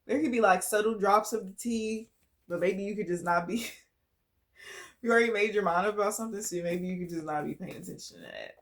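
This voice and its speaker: A woman giving a casual collective tarot reading, talking bluntly and swearing freely. She laughs often and moves between quiet musing and loud, emphatic bursts. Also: mid-range voice, a little fast. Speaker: tarot reader.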